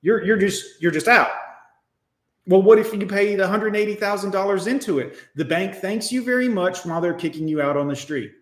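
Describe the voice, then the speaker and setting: A man's voice: high voice, a little fast, roomy sound. A man hosting a livestream who rants bluntly and swears often as he speaks straight to his viewers. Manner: blunt, profane, emphatic ranting; addresses viewers directly. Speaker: livestream host. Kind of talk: ranting livestream commentary.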